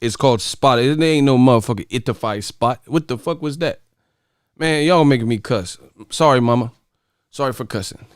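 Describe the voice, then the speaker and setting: An adult man runs a boxing channel and riffs on his livestream chat, laughing, cursing, and keeping it casual. His mid-range voice moves at a normal speed and sounds smooth, captured cleanly in a studio with no echo.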